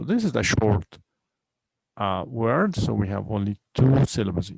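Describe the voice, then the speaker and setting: In this recorded online lesson, a male English teacher speaks in a lowish, sing-song voice with a darkish tone and measured pace. He patiently repeats vocabulary, breaking each word into syllables and stressing them clearly. The recording is dry and low quality.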